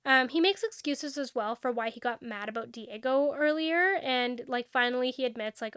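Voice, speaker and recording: Young woman podcast host, high smooth voice, recapping a novel and acting out the lines, dry close sound. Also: no room sound. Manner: animated storyteller, acts out dialogue with quick quotes. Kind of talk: casual book recap chat.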